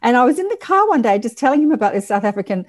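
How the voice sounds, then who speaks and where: A woman's voice: a little high, big pitch swings, racing. An Australian woman from Sydney, a podcast guest, chatting casually over a video call and telling stories animatedly. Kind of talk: casual chat.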